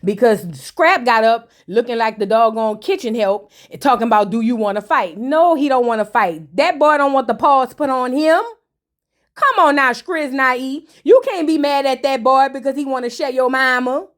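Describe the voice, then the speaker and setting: A woman's voice: high-pitched, moderate pace. A woman hosting a casual recap of a reality show, sassy and slangy, with chatty asides to her viewers.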